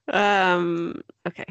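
A woman's voice: on the low side, fairly bright tone, clean tone, no echo. A young adult woman co-hosting a podcast in a laid-back, giggly casual chat. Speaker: podcast co-host.

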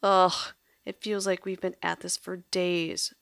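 A woman's voice: medium pitch, normal speed, dry recording, close to an everyday voice. A woman voicing an eager, impatient young female student in a read-aloud story.

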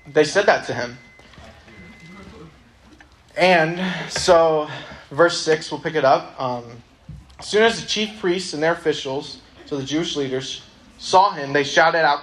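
A man's voice: on the high side, measured pace, fairly bright tone. A young man giving a casual, conversational sermon to a youth group, reading a Bible passage aloud. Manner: casual, conversational, many ums.

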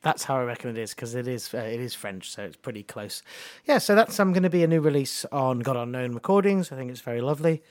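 Relaxed man introducing tracks. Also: mid-range voice, fast, few pauses, no room sound, clean studio sound. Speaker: radio show co-host. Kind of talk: casual chat between tracks.

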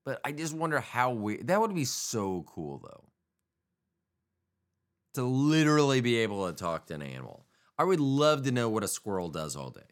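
A man's voice: medium pitch, sing-song, moderate pace. A man hosting a podcast, rambling casually on his own in a jokey, profane way. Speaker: podcast host. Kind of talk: casual solo podcast monologue.

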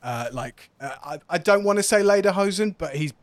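A man's voice: sits high, lively intonation, brisk, dry recording. A man as game master narrating a tabletop game, describing scenery in long lists with chatty asides.

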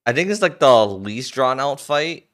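A man co-hosting a podcast, chiming in with hesitant, unhurried comments on a film. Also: medium pitch, expressive, a bit bright. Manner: unhurried, hesitant, short agreeing replies. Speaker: podcast co-host. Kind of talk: casual movie chat.

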